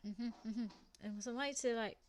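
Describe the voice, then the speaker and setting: Brief: woman streamer, Black Country accent, a bit high-pitched, chatty, laughs easily. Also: normal speed. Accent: Black Country (West Midlands English). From England. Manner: chatty, laughs often, talks to chat viewers. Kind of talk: casual chat while gaming.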